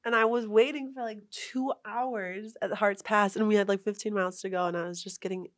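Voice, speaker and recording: A young adult woman telling a hiking story in a casual interview, animated and acting out what people said. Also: medium pitch, fairly quick, no echo, studio quality. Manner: animated, retells arguments with lively quoted voices. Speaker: guest, long-distance hiker.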